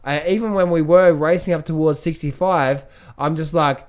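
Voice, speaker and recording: A man coaching viewers on trading in a casual, energetic talk, often repeating himself and restarting his sentences. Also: a little high, moderate pace, smooth.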